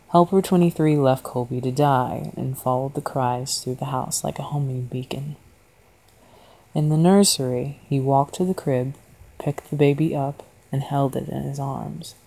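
Brief: woman storyteller, slow and deliberate, low voice with a gravelly rasp. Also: rough recording. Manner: quiet and deliberate. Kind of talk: horror story narration.

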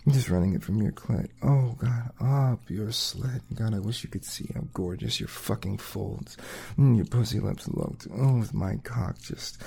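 Man, whispered role-play, dominant teasing murmur, husky, slow. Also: lowish voice. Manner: dominant, teasing, murmured with moans and soft laughs. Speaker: audio role-play performer.

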